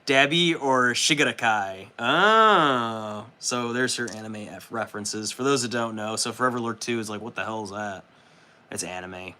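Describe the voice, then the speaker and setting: A man hosting a casual livestream, loose and profane, excitable and chatting with his viewers as he works. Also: medium pitch, normal speed, hardly any pauses, clear, resonant tone. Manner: loose, profane and excitable, reads chat aloud. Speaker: livestream host. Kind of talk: casual livestream chat while building models.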